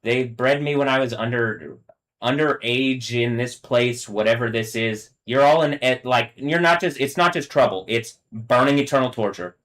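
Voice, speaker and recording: A man talking alone on a live stream, ranting angrily and profanely in a halting, filler-filled way, dropping to low mutters and rising to loud, high yelling. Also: low-quality recording. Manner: halting, filler-heavy, restarts often. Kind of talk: rambling solo live-stream monologue.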